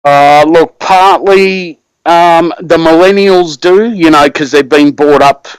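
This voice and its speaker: Man, Australian accent, caller, casual profane chat, slightly high voice, dry close sound. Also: slow pace, clean tone, no room sound, low-quality recording. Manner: profane, slangy, laid-back.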